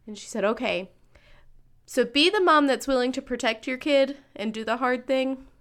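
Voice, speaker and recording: A podcast co-host in her thirties recounts something from her own life in casual chat, voicing the people she quotes. Her voice sits high and sounds fairly bright, at a moderate pace.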